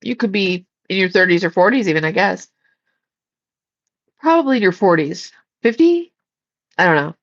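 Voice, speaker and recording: A woman's voice: medium pitch, lively intonation, normal speed, pauses often, muffled recording. A woman hosting a casual livestream, chatting and giggling as she reads viewer comments. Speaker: psychic livestream host.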